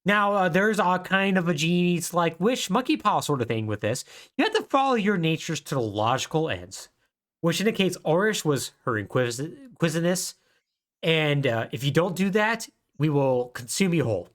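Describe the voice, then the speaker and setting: A man co-hosting a podcast, his pitch fairly high and his pace moderate, tells a story in a relaxed, chatty way. He delivers it with animation and laughs at his own jokes.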